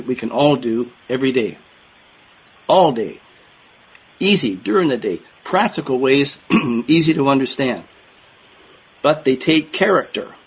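An older male minister delivers an earnest, emphatic sermon to his congregation, repeating key words for stress. His medium-pitched voice is husky, and the recording has its highs cut off.

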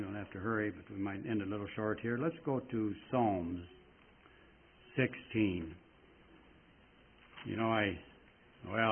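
A man preaching a sermon in a folksy, rambling way, reading scripture slowly with strong emphasis. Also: lowish voice, slight background noise. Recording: tinny phone-like sound.

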